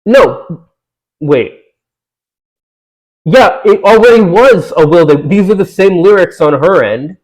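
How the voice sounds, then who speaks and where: A man's voice: high voice, lively intonation, slow, pauses often, a little mellow, poor audio. A young man reacting to an article he reads aloud, sarcastic and exasperated, swearing often. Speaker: commentator.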